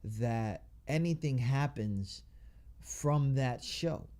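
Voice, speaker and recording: A man's voice: medium pitch, very slow, warm tone. Laid-back man hosting a radio chat. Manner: loose, laughs often, restarts sentences; casual slang. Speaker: radio show host. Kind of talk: casual radio interview chat.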